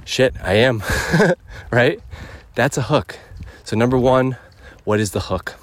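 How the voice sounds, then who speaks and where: A man's voice: medium pitch, takes it slowly. A man hosting a podcast, giving an emphatic casual rant while out on a walk, a little out of breath. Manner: emphatic, punchy checklist delivery. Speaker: podcast host. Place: outdoors on a walk.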